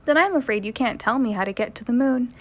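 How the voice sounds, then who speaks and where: A woman's voice: on the high side, lively intonation, fast talker. A woman voicing a curious, polite little boy mouse in a storybook reading. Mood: earnest.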